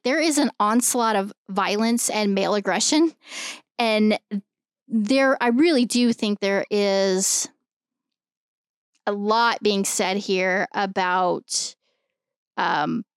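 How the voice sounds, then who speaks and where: Smooth-voiced woman with emphatic casual talk. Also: mid-range voice, no room sound, clean studio sound. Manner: emphatic, swears freely. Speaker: podcast co-host. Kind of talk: casual film discussion.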